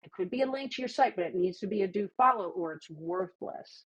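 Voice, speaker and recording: A woman speaking as a podcast guest in a casual panel chat, opinionated with lively asides and a slight lisp from teeth whitening strips. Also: medium pitch, brisk, husky, lo-fi sound.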